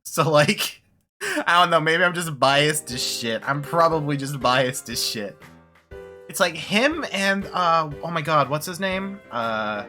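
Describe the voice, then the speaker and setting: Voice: medium pitch, expressive, takes it slowly, pushed and bright, faint music behind. A streamer chatting casually during a video game stream, rambling and swearing, often laughing. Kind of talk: casual gaming stream chat.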